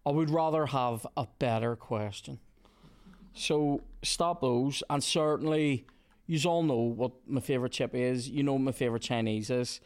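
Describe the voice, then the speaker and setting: A Northern Irish man hosting a podcast, chatting casually and swearing in excited bursts while playing a football video game. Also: medium pitch, a little slow, clear, resonant tone. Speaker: podcast host. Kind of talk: casual gaming chat and commentary. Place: indoors with a small audience.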